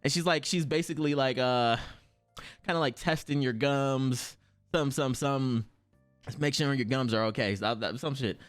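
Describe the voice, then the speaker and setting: Young guy streaming, black slang, swears a lot, voice shoots way up on the quotes, some music faint behind him. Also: normal speed. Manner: animated, swears freely, slangy, acts out quotes with big pitch jumps. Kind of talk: casual storytelling to stream chat.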